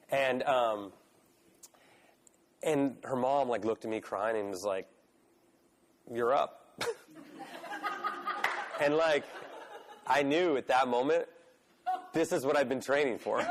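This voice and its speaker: A man in his forties telling a long story in casual speech, animated and prone to swearing, with many fillers. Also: mid-range voice. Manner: animated, swears, lots of "like" and "right?". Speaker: guest, pro BMX rider.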